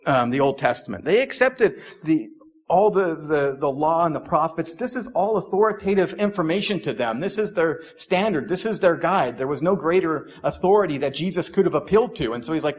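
A man's voice: fairly high pitch, lively intonation, brisk, breathy edge. A young adult man preaching a sermon as pastor in a conversational way, with frequent "like"s and restarts.

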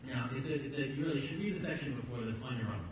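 Racing along at medium pitch, a pastor preaches a sermon in a conversational, emphatic way, often repeating words as he goes. The sound is echoey, as if in a hall with a distant mic, with slight background noise.

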